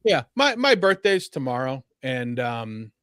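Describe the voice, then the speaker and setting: Dry, low-key man in his forties. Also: sing-song, measured pace, fairly bright tone, smooth, no echo. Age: 40s. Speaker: podcast co-host. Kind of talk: casual chat.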